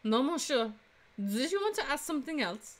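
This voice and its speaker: A woman's voice: sits high, very animated, moderate pace, voice pushed up. A woman voicing a poised young French flower-seller bird, with a put-on French accent and a composed, guarded manner.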